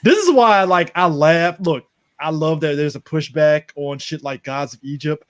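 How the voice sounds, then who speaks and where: A man's voice: on the high side, normal speed, a bit bright, clean tone, soft background music. A man co-hosting a movie podcast, talking casually and riffing with profanity and laughs. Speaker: podcast co-host. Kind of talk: casual movie review chat.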